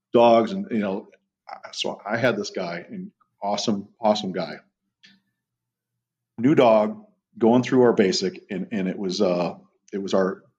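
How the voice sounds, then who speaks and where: A middle-aged man with a low voice rambles through a story in relaxed podcast chat, dropping the odd curse along the way. The recording sounds muffled and lo-fi, with a dull top end. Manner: rambling storyteller, casual profanity. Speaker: guest, police dog trainer. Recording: muffled lo-fi audio.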